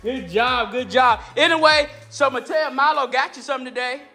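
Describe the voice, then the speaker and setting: A playful woman chats through a casual family vlog, teasing and coaxing her kids in a relaxed drawl. Her voice sits high in pitch. Soft music plays faintly underneath. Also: moderate pace. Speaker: family vlogger.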